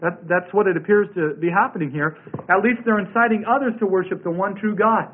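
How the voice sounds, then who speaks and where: High-voiced man teaching scripture, tinny sound. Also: brisk. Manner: emphatic, repeats key words. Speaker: Bible teacher. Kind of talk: Bible study sermon. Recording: tinny phone-like radio broadcast.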